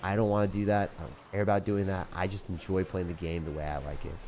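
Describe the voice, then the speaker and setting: A man's voice: sits low, fairly even intonation, fast talker, darkish tone, a little hiss or hum. Laid-back young man chatting on stream. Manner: chatty and laid-back, says dude and bro, laughs often. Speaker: game streamer. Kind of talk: casual live-stream chat.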